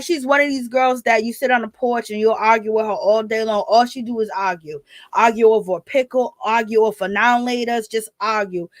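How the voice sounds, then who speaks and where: A woman with a slightly high voice dishes reality show drama in a loose, sassy, chatty way. She keeps calling her audience girl and baby. The sound is close and dry. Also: a bit bright, no echo. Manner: sassy, conversational, calls listeners girl and baby. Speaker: reality TV recap commentator. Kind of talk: casual gossip commentary.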